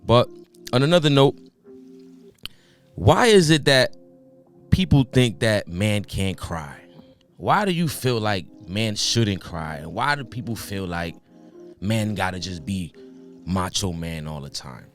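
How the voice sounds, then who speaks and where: A man's voice: fairly low pitch, expressive, slow pace, long pauses, faint music behind. A young man hosting a solo podcast, talking earnestly and passionately, firing off rhetorical questions and swearing now and then. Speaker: podcast host.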